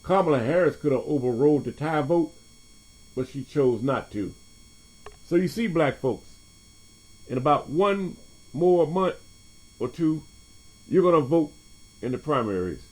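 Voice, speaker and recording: The man's voice sits fairly high and is expressive, with a measured pace and long pauses. He's the host of his own podcast, riffing through a loose, profane casual monologue, laughing often and switching topics freely.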